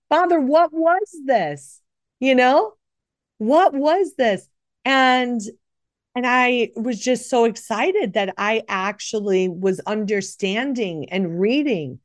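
Emotional and rambling, this podcast host, a middle-aged nurse, shares her own faith story with plenty of self-corrections. Her medium-pitched voice comes through at studio quality with no room sound.

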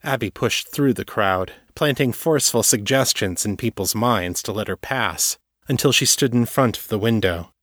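A man narrating an audiobook story in an even, measured way. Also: lowish voice, no echo, clean studio sound. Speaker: author and narrator.

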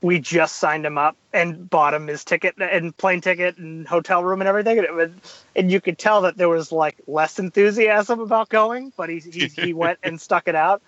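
Male podcast guest, high voice, lively anecdotes with acted-out quotes; dry, slightly muffled sound. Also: normal speed, no echo. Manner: animated storyteller, acts out quotes. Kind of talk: casual podcast chat.

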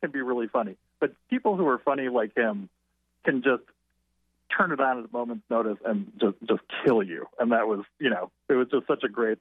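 A man guest tells a long anecdote by phone, rambling and halting, restarting his sentences often. The line is thin and tinny. The sound is completely dry. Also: mid-range voice, slightly rough, no echo. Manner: halting, self-correcting. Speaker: interview guest, writer. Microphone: telephone.

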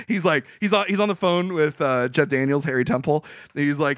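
This is a young man on a podcast, recapping a film with lots of energy. His pitch swings widely as he acts out scenes and laughs along the way. The sound is dry and close. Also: moderate pace, no room sound. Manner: animated, acts out movie lines, laughs often. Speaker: podcast co-host. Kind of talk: casual movie recap chat.

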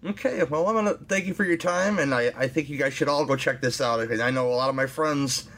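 Male podcast host, crisp bright voice, hesitant casual chat. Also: fairly high pitch, fast. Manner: rambling, hesitant with fillers. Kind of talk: casual interview.

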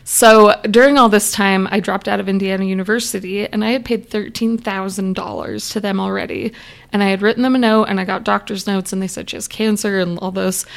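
A young adult woman speaks as an interview guest, telling her own story in a chatty, candid way. Her mid-range voice carries a steady gravelly fry at the ends of phrases. She slips into the voices of the people she quotes as she goes. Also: medium pitch, a little fast. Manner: chatty, candid, acts out remembered dialogue. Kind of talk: casual personal storytelling.

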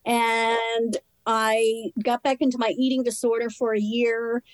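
A woman telling her personal recovery story in conversation, candid and earnest, in short halting phrases. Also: on the high side, level tone, rough recording. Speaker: interview guest.

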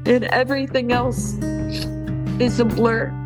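A woman telling her own story of a painful relationship, halting and emotional, with frequent restarts. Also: fairly high pitch, steady tone, over loud music, poor audio. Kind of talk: personal testimony.

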